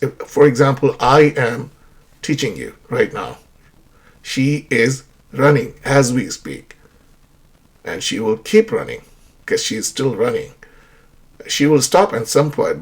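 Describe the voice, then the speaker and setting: A male English teacher talks through a grammar lesson with a husky edge to his voice. His pitch rises and falls a lot as he works through one example sentence after another. He keeps checking in with the learner as he goes. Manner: explains with many examples and checks in with "right?".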